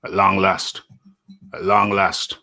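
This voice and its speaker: Slow, low-voiced male live show host. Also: flat delivery, creaky, sharp tone, no room sound. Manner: jokey, chatty, addresses the audience.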